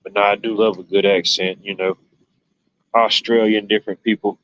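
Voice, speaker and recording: A man's voice: fairly low pitch, little pitch movement, moderate pace, a bit bright, dull audio. Rambling joking male stream host. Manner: rambling, joking, lots of "you know". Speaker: livestream host. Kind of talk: casual chat.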